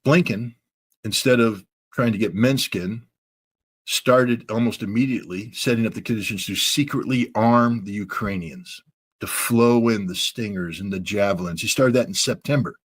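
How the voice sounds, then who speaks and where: A man being interviewed as a guest commentator, telling events in an animated way and often slipping into impressions. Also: fairly low pitch, normal speed, husky, no echo. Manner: animated storytelling with frequent voice impressions. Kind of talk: casual interview talk.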